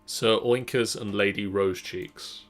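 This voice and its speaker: Man, young adult, streamer, slow casual chat, bright tone. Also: fairly low pitch, steady tone. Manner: unhurried, talks to chat. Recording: faint keyboard clicks behind.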